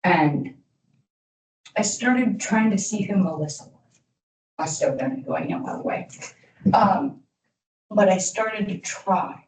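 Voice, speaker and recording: A woman's voice: mid-range voice, a little mellow. A woman in her thirties giving a candid, rambling motivational talk to young people as an alumni speaker, full of "you know" asides. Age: 30s. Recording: echoey room from far off, faint noise.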